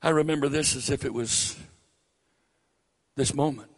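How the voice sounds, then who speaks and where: An older man with a Southern accent preaching a sermon, rising loud and high on key phrases. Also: moderate pace, husky. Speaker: pastor.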